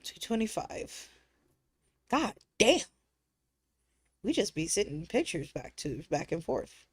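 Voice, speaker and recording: A woman's voice: mid-range voice, big pitch swings, takes it slowly, husky. A woman streamer in casual chat, joking crudely and laughing often, trailing off into fillers between thoughts. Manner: crude teasing humor with frequent laughter.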